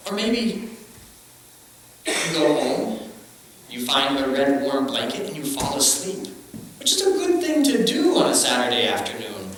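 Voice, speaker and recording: Brief: male pastor, chatty and jokey, lively pitch, far-off mic in an echoey church. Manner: conversational, joking, acts out quotes. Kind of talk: sermon. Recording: echoey hall, distant mic.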